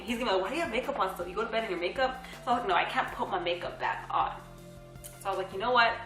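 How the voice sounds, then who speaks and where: A woman's voice: a little high, sharp tone. Bubbly young woman in an echoey room. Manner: bubbly, laughs often, acts out quoted dialogue. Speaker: vlog co-host. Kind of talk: casual storytelling to camera.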